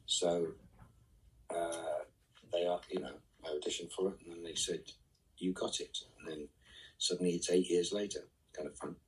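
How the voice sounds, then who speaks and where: A man reading fan questions aloud and answering them casually in a live online Q&A, often trailing off into soft asides. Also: low-pitched, steady tone, normal speed, pauses often, slightly rough, recorded from a distance, rough recording.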